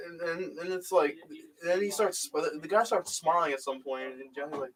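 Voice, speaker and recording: A man's voice: a little high, normal speed, recorded from a distance, noisy background. A young man hosting a casual chat, retelling a video in a rambling way full of fillers. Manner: rambling, full of "like" and "you know". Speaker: YouTube host. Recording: voice a bit off the mic.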